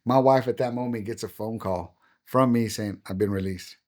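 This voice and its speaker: A man's voice: mid-range voice, normal speed, a little mellow. A middle-aged man, a pastor, telling a story on a podcast and acting out the dialogue he quotes. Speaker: pastor and guest.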